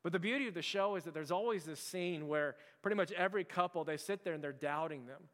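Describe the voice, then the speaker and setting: In the church sanctuary, a pastor gives his congregation a loose, talkative sermon peppered with "like" and frequent restarts. He speaks fast with a fairly high pitch and fairly bright tone, and a long reverb tail trails his words.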